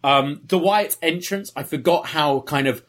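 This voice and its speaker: A man's voice: on the high side, unhurried, fairly bright tone. A man co-hosting a podcast, chatting casually and recounting wrestling history. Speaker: podcast co-host. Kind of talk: casual chat.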